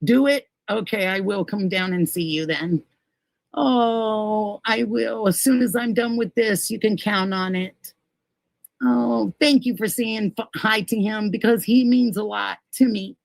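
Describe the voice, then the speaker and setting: Casting: middle-aged woman, streamer host, gravelly and unhurried, sentimental and chatty, dry close mic. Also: medium pitch, dry recording, poor audio. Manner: gushing, emotional, thanks viewers by name. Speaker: livestream host. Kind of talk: casual livestream chat reading viewer comments.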